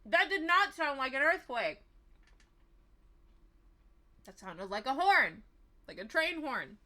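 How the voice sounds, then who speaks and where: A woman's voice: high-pitched, big pitch swings, slow pace, bright, forceful tone. A woman livestreaming a game, talking sarcastically and swearing freely while eating. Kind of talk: gameplay livestream commentary.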